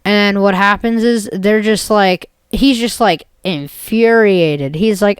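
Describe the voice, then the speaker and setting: Casual woman video creator, mid-pitched, rambles through a jokey made-up story. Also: slow, hardly any pauses, smooth, no echo. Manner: rambling, jokey, full of "basically" and "like". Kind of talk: rambling comic story retelling.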